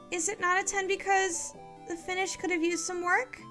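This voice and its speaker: A woman voicing a cheerful, earnest young female adventurer in a game, bubbly and quick to fret. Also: extremely high pitch, level tone, pushed and bright, faint music behind, voice pushed up. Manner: bubbly, then anxious and apologetic.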